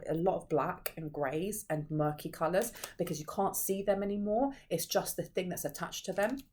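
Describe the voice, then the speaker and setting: A woman gives a casual tarot reading straight to her audience. Her voice sits on the low side, and she talks in a loose, rambling way, circling back and restarting her sentences as she goes. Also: darkish tone. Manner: rambling, conversational, frequent restarts. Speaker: tarot reader.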